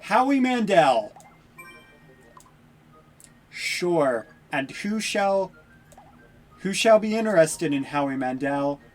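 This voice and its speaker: A woman's voice: fairly low pitch, big pitch swings, slow, pauses often, darkish tone, soft background music. A woman streaming a video game, making wry, sarcastic asides as she plays. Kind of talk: casual game commentary.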